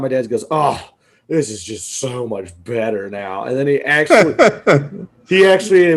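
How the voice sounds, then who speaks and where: A man co-hosting a podcast, telling a story in casual chat, animated and swearing, laughing often as he quotes people. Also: mid-range voice. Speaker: podcast co-host.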